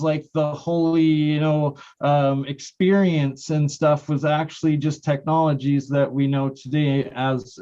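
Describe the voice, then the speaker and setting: A man's fairly high voice comes through muffled, lo-fi call audio. He talks casually and rambles, filling his sentences with "like" and "you know". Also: a little mellow. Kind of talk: casual conversation.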